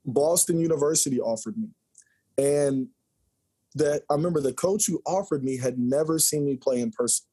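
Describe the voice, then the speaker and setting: A man in his forties, a former college basketball player, telling lively, joking stories as a podcast guest. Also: a little high, moderate pace, breathy edge. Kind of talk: storytelling interview chat.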